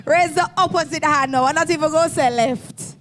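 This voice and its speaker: A woman's voice: high-pitched, a bit bright. A woman hosting a children's reading event, leading the crowd in firm, coaxing call-and-response prompts. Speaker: event host for schoolchildren.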